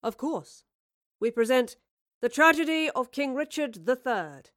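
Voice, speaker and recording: A woman voicing a calm, reassuring man who leads a troupe of actors. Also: high voice, unhurried, voice pushed up, full character voice. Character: calm, steady man leading a theatre troupe.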